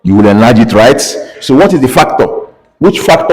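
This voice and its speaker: A man's voice: medium pitch, lively intonation, fast talker, darkish tone, rough recording. A Nigerian-accented man teaching pharmacy calculations in class, drilling students with constant call-and-response questions. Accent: Nigerian English. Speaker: pharmacy lecturer. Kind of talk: classroom lecture.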